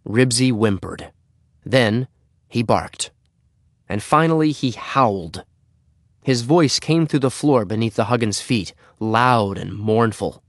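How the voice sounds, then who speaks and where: A man reading a children's story aloud in an expressive way. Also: mid-range voice, slow pace, no room sound, clean studio sound. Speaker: narrator.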